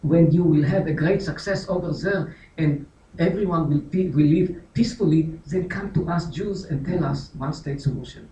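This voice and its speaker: A man whose first language is Hebrew gives an emphatic, rhetorical lecture answer with a mellow, slightly high voice. He is picked up from a distance in an echoey hall, and the sound is a little dull. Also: moderate pace, slight background noise. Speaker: guest lecturer.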